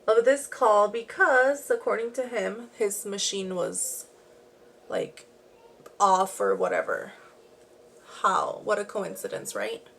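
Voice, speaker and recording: Medium in pitch and fairly bright in tone, a young woman's voice carries over slight background noise. She's a beauty and true crime vlogger recounting a true crime case as she does her makeup at home, chatty and rambling, full of "like" and asides.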